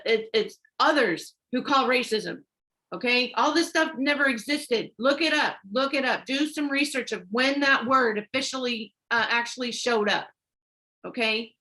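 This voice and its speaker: A woman gives an informal online sermon, reads scripture, and urges listeners on with "okay?" and "y'all", stumbling and restarting when she rushes. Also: a little high, bright, forceful tone. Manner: urgent and exhortative, repeats herself, frequent "okay?" and "y'all". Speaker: online preacher.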